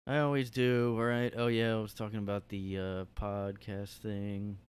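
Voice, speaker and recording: A man's voice: fairly low pitch, flat delivery, unhurried, clean tone, poor audio. A man hosting a solo comedy podcast, talking in a tired, rambling, laid-back way. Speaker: podcast host.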